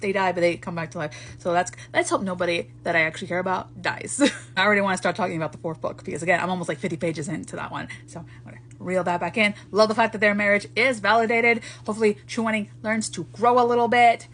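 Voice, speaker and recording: A woman's voice: mid-range voice, quick pace, slight background noise. A woman giving a casual book talk, ranting with lots of swearing as she reviews a novel. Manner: profane, animated ranting.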